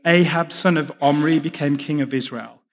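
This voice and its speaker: A man's voice: on the high side, fairly even intonation, normal speed, long reverb tail. A man with an English accent, a pastor preaching a sermon with chatty, self-deprecating asides. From England.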